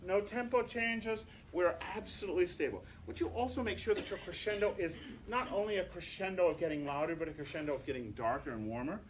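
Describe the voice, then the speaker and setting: A man conducting a choir rehearsal, coaching singers with animated, demonstrative instructions and bursts of sung examples. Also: high-pitched, a little fast, few pauses, slight background noise.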